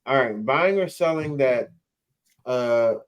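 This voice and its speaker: A man's voice: medium pitch, slow pace, smooth, highs cut off. A man co-hosting a sports podcast, arguing football picks in a loose, swearing, laughing way. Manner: animated, swearing, laughs a lot. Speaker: podcast co-host. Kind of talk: casual sports debate.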